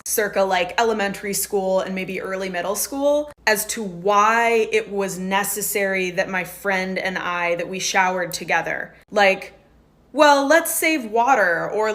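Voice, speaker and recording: Bright-voiced woman telling a wry story. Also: mid-range voice. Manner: wry, animated, self-mocking. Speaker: social media creator. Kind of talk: casual storytelling to camera.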